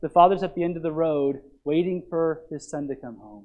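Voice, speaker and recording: A man's voice: on the high side, brisk, hardly any pauses, poor audio. A man preaching a sermon as pastor, explaining scripture and asking the listeners questions. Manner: animated preaching, asks the congregation questions.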